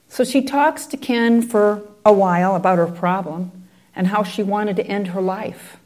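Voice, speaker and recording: Woman storyteller, conversational, digressive asides, mid pitch. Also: normal speed, a little mellow. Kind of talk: oral storytelling.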